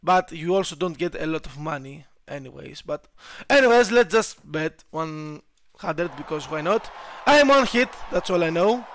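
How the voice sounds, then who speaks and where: A young man giving casual gameplay commentary, excitable, swearing and shouting at his troops and laughing at himself. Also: on the high side, moderate pace, no room sound. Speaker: gaming YouTuber.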